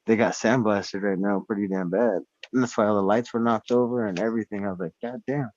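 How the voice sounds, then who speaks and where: A man in casual chat, talking at home in a rambling, profane, animated way. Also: lowish voice, fairly quick, dry recording. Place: indoors at home. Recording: dull lo-fi sound.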